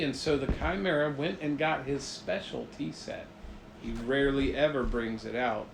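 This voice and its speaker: Gravelly man telling a bedtime story. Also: fairly high pitch, roomy sound, a little hiss or hum, low-quality recording. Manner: playful, animated storyteller.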